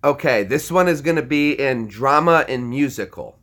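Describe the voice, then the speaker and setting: A man's voice: mid-range voice, animated, normal speed, a bit bright. A man hosting a casual live-stream trivia game, teasing players and laughing often as he reads their answers. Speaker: trivia host.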